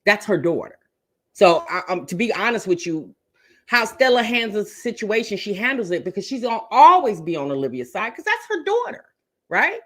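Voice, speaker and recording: A woman's voice: mid-range voice, big pitch swings, moderate pace, a bit bright. A woman hosting a reaction channel, chatting to viewers and calling them y'all and baby. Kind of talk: casual commentary to viewers.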